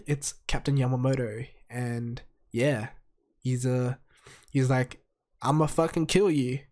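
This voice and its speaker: A man sounding sick and hoarse, casually reviewing anime episodes in a rambling, excitable, heavily profane way. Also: mid-range voice.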